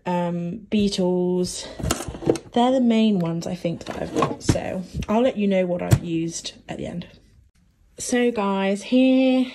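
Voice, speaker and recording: A young woman talks casually to her camera, rambling through her thoughts with plenty of ums and likes. Her voice sits at an ordinary middle pitch, and she keeps breaking into small giggles. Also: darkish tone, slight background noise. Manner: chatty, rambling with many fillers and giggles. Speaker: vlogger. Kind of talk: casual vlog chat.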